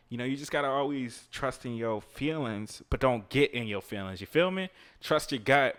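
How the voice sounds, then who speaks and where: A man's voice: fairly low pitch, a bit bright, clean tone. A man hosting a podcast, giving laid-back motivational advice in casual speech, swearing, laughing and chatting to listeners while he plays a video game. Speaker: podcast host.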